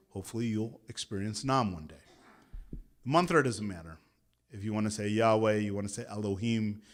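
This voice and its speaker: A meditation teacher in his thirties speaks in a mid-range, slightly bright voice. At an interfaith gathering, he gives a guided meditation talk and leads the group in call-and-response chanting.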